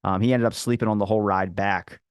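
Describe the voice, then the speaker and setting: A podcast guest from the Philadelphia area tells a rambling, casual story with lots of fillers, acting out the people he quotes. His voice is lowish and smooth, with fairly even intonation and a quick pace, recorded dry in a studio.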